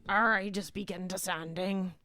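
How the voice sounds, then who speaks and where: A woman's voice: mid-range voice, fairly even intonation, normal speed, pushed and bright. A woman playing a tabletop role-playing game, chatting with the group and slipping into pirate talk. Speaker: player.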